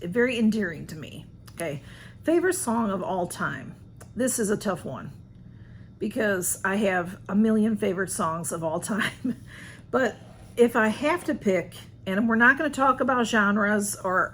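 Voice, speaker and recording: Woman, casual chat at home, chatty and rambling, middle pitch, faint noise behind. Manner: chatty and rambling, self-deprecating. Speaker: vlogger. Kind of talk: casual chat answering a question tag.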